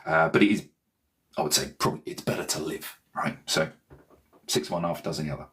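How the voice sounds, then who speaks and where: A man's voice: very deep voice, steady tone, fast, a bit bright, slight background noise. A man, a meditation teacher and author, talking casually and loosely to viewers, often checking in with "okay?". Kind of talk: casual rambling talk to viewers.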